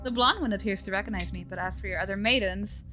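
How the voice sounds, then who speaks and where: A woman's voice: medium pitch, fast, bright, forceful tone, lightly acted. A woman reading a polite older male zombie mastermind in a game, formal and old-fashioned in manner, over faint music. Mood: courteous.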